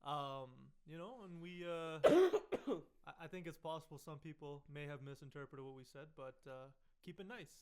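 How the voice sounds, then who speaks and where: A man from Canada, the show's producer, chatting in a quiet, hesitant way. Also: on the high side, lively intonation, normal speed. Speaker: podcast producer. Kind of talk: casual chat.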